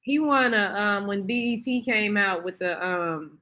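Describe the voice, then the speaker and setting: A woman's voice: mid-range voice, unhurried, lo-fi sound. A woman joining a casual talk-show conversation with reflective remarks.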